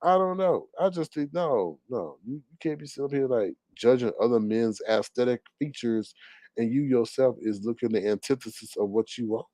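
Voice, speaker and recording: A man rants in an indignant, drawling way on a live talk stream. His voice sits at an ordinary middle pitch, recorded dry and close, and it swings between loud outbursts and low mutters. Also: animated, moderate pace, no echo. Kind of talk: animated casual ranting.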